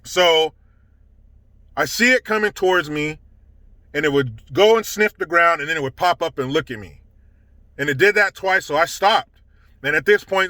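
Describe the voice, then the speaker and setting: A man's voice: a little high, pushed and bright, dry recording. A man telling a casual story to camera, indignant and swearing heavily. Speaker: storytelling vlogger.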